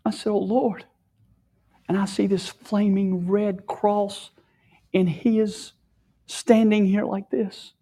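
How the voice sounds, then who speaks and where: A tearful man sharing an emotional personal testimony, often dropping his voice to a hushed whisper. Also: sits high, flat delivery, slow, pauses often.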